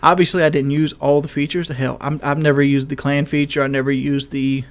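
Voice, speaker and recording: Young guy talking over gameplay, kinda monotone, fairly high voice, wanders off and backtracks a lot. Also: a little fast. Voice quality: self-described monotone voice. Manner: rambling, self-correcting, asks viewers questions. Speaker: YouTube gaming commentator. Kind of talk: casual gameplay commentary.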